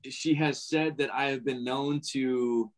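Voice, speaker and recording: A man's voice: medium pitch, fairly even intonation, a little slow. A man who co-hosts a radio show, guesting on a podcast, easygoing in casual chat.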